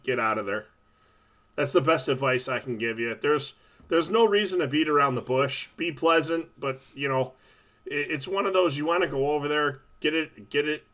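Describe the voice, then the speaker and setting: A man's voice: on the high side, fairly bright tone. A man co-hosting a hockey referee talk show, giving direct, practical advice in a casual chat. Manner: direct, practical, matter-of-fact. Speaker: podcast co-host, hockey referee.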